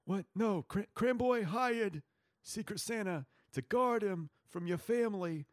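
Casual improv co-host, man, light high voice, dry close mic, chatty and rambling. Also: unhurried, no echo. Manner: rambling, playful, plans out loud. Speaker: podcast co-host running the scene. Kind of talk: improvised tabletop role-play.

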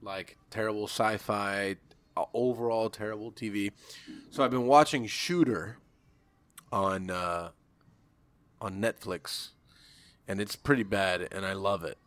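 Low-voiced man chatting casually, dry sound. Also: a little slow, long pauses, fairly bright tone, no room sound. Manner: rambling, hesitant with fillers. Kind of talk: casual chat.

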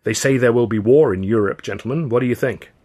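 A man's voice: medium pitch, fast, warm tone, lightly acted. A man voicing a serious, zealous aviator who speaks in an earnest, formal, insistent way. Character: serious adult male aviator, zealous about warplanes.

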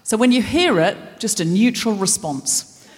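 A woman host delivers a live stand-up monologue, self-deprecating and full of rambling asides. Her voice sits in a middle pitch, and a long reverb from the big concert hall trails her words. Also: expressive, a little slow.

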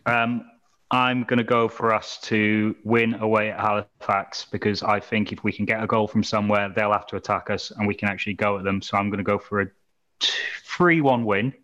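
A man co-hosting a casual football podcast, reading out scores in a measured way. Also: lowish voice, steady tone, fairly bright tone, lo-fi sound. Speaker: podcast co-host.

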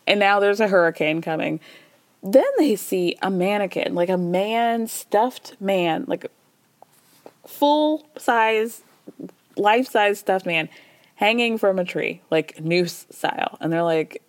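Female podcast host, casual sarcastic recapper, mid-pitched voice, dead dry studio sound. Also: a little slow, no echo. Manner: chatty, sarcastic, acts out quotes in playful voices.

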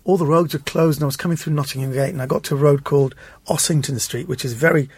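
Man, slightly high husky voice, animated storyteller, dry close sound. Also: quick pace, no echo. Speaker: comedian guest. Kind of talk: casual anecdotal chat.

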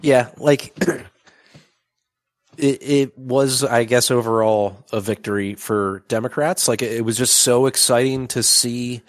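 A man's voice: medium pitch, fairly even intonation, takes it slowly, dry recording. Podcast guy chatting politics, kinda hesitant, dry close sound. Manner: hesitant, restarts a lot. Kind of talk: casual political chat.

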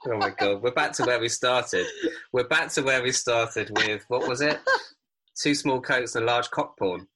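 A man's voice: mid-range voice, normal speed, bright, forceful tone, poor audio. A man co-hosting a casual film review podcast, chatty and prone to restarts. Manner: chatty, with frequent restarts and filler. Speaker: podcast co-host.

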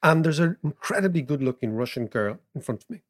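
A man, co-hosting a podcast, telling stories and explaining economics in an animated way, laughing as he goes. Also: on the high side, fast. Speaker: podcast co-host. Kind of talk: casual storytelling and economics chat.

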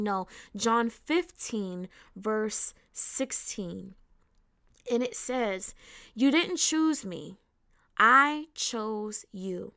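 Woman podcast host, bright and fairly high voice, earnest teaching, frequent "right?". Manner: earnest, repeats "right?" to listeners; restarts and repeats words, laughs lightly.

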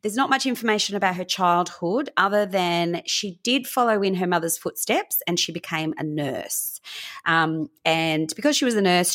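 A woman with a slightly low voice co-hosts a podcast. She tells the story in a loose, chatty way, filling pauses with ums and uhs. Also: fairly bright tone. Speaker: podcast co-host. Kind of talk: casual podcast chat, storytelling.

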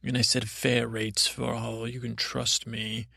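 A man's voice: mid-range voice, completely flat delivery, measured pace, creaky, pushed and bright, dry recording, clean studio sound. A man hosting a podcast, telling a rambling bedtime story in a meandering, hesitant way, full of restarts and side remarks. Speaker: podcast host.

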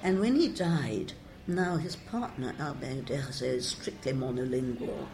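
A woman's voice: a bass voice, animated, measured pace. An older woman, a translator, giving wry, discursive interview answers and quoting verse with relish.

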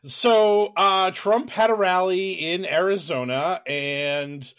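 A man's voice: high-pitched, slow, clear, resonant tone. A man hosting a podcast, introducing the show and chatting loosely with many fillers. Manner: relaxed, filler-heavy hosting. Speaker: podcast host. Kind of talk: casual chat.

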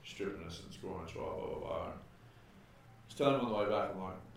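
Low-voiced guy, echoey room. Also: gravelly, a little hiss or hum. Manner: rambling, halting storytelling with slang. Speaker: guest. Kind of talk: casual chat. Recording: roomy echo, mic at a distance.

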